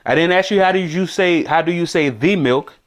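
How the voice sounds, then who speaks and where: A man's voice: a little high, a little fast. A man teaching beginner Spanish words on a podcast, thinking aloud and repeating words for listeners to echo. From United States. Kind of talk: casual spoken lesson.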